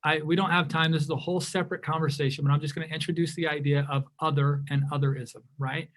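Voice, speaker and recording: A man leading a diversity workshop speaks in a somewhat high voice. He is animated and often restarts his sentences. He acts out the remarks he quotes. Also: fast. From California. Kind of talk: interactive workshop talk.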